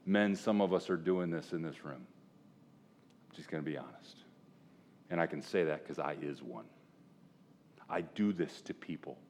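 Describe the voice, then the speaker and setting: A man preaching a sermon to a room of men, animated, jumping between loud exclamations and hushed asides and acting out the characters he quotes. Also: sits low, moderate pace, slight background noise. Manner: acts out quoted characters in voices. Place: room with a live audience of men.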